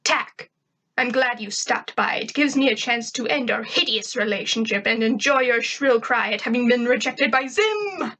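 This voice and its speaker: A woman's voice: a little high, lively intonation, moderate pace, bright, forceful tone. A woman voicing a boastful male alien invader who talks in pompous, theatrical declarations.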